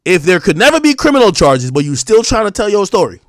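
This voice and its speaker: A man's voice: high-pitched, sing-song, fast talker, no room sound, clean studio sound. A man in his thirties hosting a livestream, talking straight to his chat in an emphatic, repetitive and defiant way with plenty of profanity. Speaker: streamer host.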